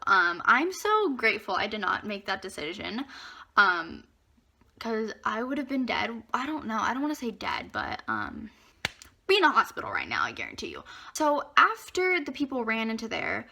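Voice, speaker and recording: A teenage girl telling a dramatic school story in a chatty storytime vlog, acting out what others said. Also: on the high side. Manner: chatty, animated retelling with acted-out quotes. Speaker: vlogger.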